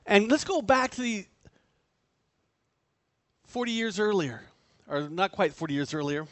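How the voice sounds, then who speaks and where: A man preaching a sermon, animated and acting out the voices he quotes. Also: high-pitched, unhurried, no room sound. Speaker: pastor.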